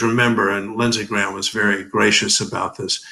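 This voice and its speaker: A man's voice: fairly low pitch, fairly even intonation, normal speed, creaky, pushed and bright, low-quality recording. A man in his seventies giving emphatic, oratorical legal commentary as an interview guest, leaning on rhetorical questions. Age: 70s.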